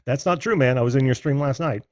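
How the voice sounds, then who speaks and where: A man's voice: mid-range voice, brisk, a little mellow, dry recording, clean studio sound. A man hosting a call-in show in a casual, friendly way, laughing often and talking with many fillers. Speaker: host.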